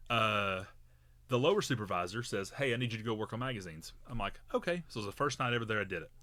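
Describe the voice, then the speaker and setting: A man's voice: on the low side, sharp tone, no echo. A man co-hosting a podcast, telling a long story in a rambling, casual way with many fillers and restarts. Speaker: podcast co-host.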